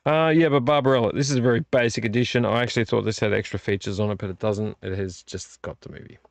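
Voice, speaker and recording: Tired vlog host, gravelly, dry close sound, rambling chat. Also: male voice, on the low side, fast talker, dry recording. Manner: relaxed, rambling, complains about covers. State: tired and yawning. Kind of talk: casual late-night chat. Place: home room.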